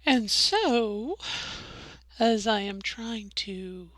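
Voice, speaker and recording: A woman's voice: fairly high pitch, expressive, takes it slowly, long pauses, a bit bright, dry recording. A middle-aged woman talking through her voice training in a casual video diary, rambling and correcting herself as she goes. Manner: rambling, self-correcting, demonstrating her own voice. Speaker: vlogger.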